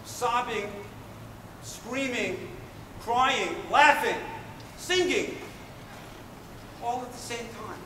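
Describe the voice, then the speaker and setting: A man playing an Israeli paratrooper telling a moving battle memory in a dramatic first-person monologue, earnest and swinging between loud urgency and hushed emotion. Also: very high voice, very slow, pauses often, noisy background, full character voice. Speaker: stage performer. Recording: echoey hall from far off.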